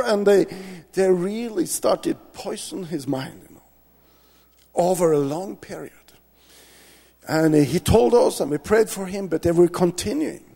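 A man's voice: high-pitched, animated, a little slow, gravelly, long pauses, mellow, long reverb tail. A man telling an earnest missionary testimony, often stopping and restarting his sentences. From Norway. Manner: earnest storytelling with many restarts. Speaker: missionary preacher. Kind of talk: testimony in a church talk.

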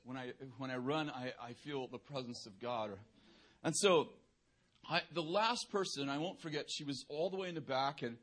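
A man's voice: mid-range voice, normal speed, fairly bright tone. A male preacher speaks in a mid-range voice, with easygoing and conversational delivery. He keeps poking fun at himself and chuckles as he goes. The sermon feels loose and anecdotal. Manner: humorous, self-deprecating, laughing through anecdotes; casual, conversational, filler-heavy. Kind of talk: sermon with personal storytelling.

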